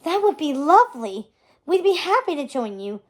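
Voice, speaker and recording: A woman's voice: sits high, sing-song, moderate pace. A woman reading the lines of a proud, emotional society mother in a storybook. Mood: gushing.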